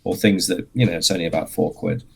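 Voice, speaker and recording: A man, a guest on a casual interview podcast, explaining his craft patiently with plenty of pauses and fillers. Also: deep voice, fairly even intonation, gravelly, a little hiss or hum. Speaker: guest, miniature sculptor and painter.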